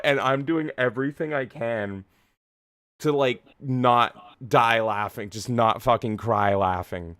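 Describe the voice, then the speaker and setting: A man hosting a casual chat, telling a story with lots of swearing and bursts of loud acted-out voices. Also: medium pitch, slow, no room sound, clean studio sound. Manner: animated, swears a lot, acts out voices. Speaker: host.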